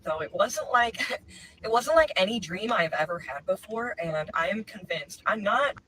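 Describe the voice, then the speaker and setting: A man earnestly telling a personal story to camera, animated and sincere. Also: high voice, moderate pace. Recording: distant mic with noise.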